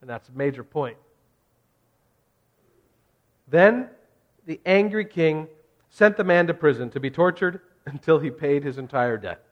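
A man's voice: fairly high pitch, animated, normal speed, dull audio. A man preaching a sermon in a conversational, jokey way that builds to emphatic points. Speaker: pastor.

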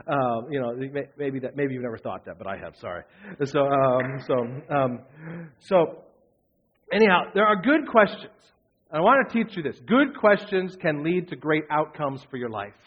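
A man's voice: fairly high pitch, expressive, normal speed, slightly rough, highs cut off. A man preaching a sermon in an earnest way, repeating phrases for emphasis. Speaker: pastor.

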